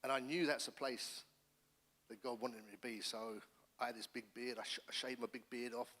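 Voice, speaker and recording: A middle-aged man, a pastor, giving his testimony in church with earnest, animated storytelling. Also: medium pitch, a little fast. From England. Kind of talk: personal testimony sermon. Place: church hall. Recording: long church hall reverb.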